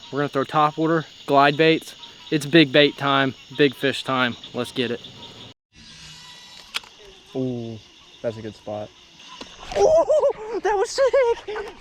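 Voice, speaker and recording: A young man vlogging from a boat on a night fishing trip, excitedly exclaiming as he talks, with crickets behind him outdoors. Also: fairly high pitch, a little hiss or hum. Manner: excitable, exclaiming, breaks into whoops. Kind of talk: excited outdoor vlog commentary. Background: crickets and insects at night.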